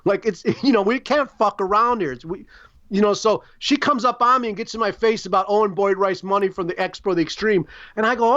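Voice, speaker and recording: A middle-aged man from Chicago telling rough, profane stories as a podcast guest, rambling with lots of "like" and "you know". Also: high voice, fast, a bit bright, no echo, lo-fi sound. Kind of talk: casual interview storytelling.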